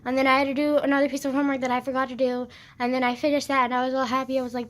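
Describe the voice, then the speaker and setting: A woman's voice: high-pitched, level tone, rapid-fire, hardly any pauses. A teenage girl vlogging while congested with phlegm, retelling her school day in a dramatic rant full of swearing. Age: teens. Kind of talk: casual rant.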